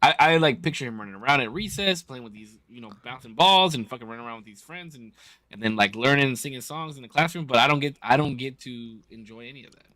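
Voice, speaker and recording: Bright-voiced profane co-host man. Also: medium pitch, animated, fast. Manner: blunt, profane banter. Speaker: podcast co-host. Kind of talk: casual live podcast chat.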